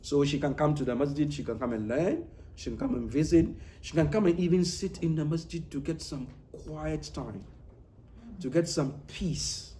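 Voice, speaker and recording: A man's voice: fairly high pitch, mellow, slight background noise. A man teaching an informal religious class in a mosque, talking conversationally with frequent "you know" and restarted phrases. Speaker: Islamic teacher. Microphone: livestream mic.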